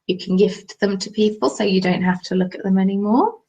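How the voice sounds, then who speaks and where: Brisk and warm, her mid-range voice has a slightly rough edge. The young English host chats ramblingly during a casual knitting livestream, reading out viewer comments between stitches.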